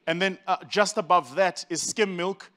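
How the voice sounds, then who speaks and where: A South African man with a high, bright-toned speaking voice tells a funny story to a live crowd. He keeps it lively and conversational, punching the jokes with relish. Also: normal speed. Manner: animated, joking, conversational. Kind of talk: humorous storytelling talk.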